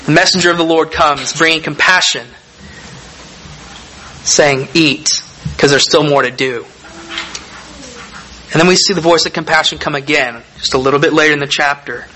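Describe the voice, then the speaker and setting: A man preaching a sermon, reading scripture aloud and explaining it in a measured, deliberate way with emphatic pauses. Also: on the high side, pushed and bright, a little hiss or hum, low-quality recording.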